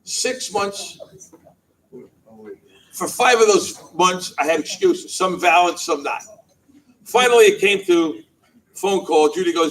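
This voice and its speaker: A man's voice: high voice, slow pace, pauses often, fairly bright tone, distant mic, rough recording. A man from New Jersey giving a humorous personal storytelling speech at a banquet, chuckling often and acting out the lines of the people in his story. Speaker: banquet speaker. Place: banquet hall.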